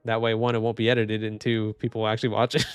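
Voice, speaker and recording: A man's voice: lowish voice, little pitch movement, fast talker, clear, resonant tone, no echo, faint music behind. A young man streaming live, making casual commentary as he reads posts and keeps laughing and saying "dude". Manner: laughing, mocking, says dude a lot.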